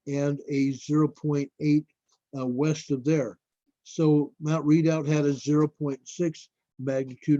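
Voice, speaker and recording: A man with a somewhat high, mellow voice hosts a casual live stream, rambling unhurriedly and calling his viewers folks. He talks very slowly. The sound is dull and lo-fi, with a dry, close feel. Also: dry recording. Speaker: livestream host. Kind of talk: casual live stream commentary on earthquake maps.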